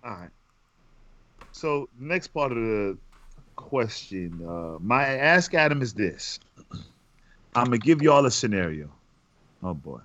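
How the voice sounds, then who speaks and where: A man co-hosting a casual podcast, reading listener questions aloud in a relaxed, joking way and breaking into laughter. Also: mid-range voice, takes it slowly, pauses often, muffled recording. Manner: reads listener emails aloud, bursts into loud laughter.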